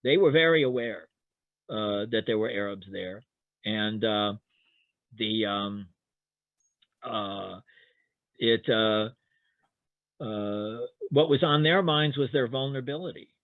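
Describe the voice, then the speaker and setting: A man's voice: fairly low pitch, slow pace, pauses often, no room sound. An older man, a historian guest in an academic webinar, talking hesitantly with many restarts and fillers over a video call. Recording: tinny phone-like line, dry.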